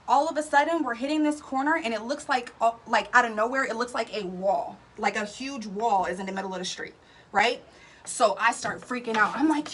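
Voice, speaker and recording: A woman telling a casual story, animated and slangy, often tagging lines with "right?". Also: a little high, a little hiss or hum. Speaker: vlog storyteller.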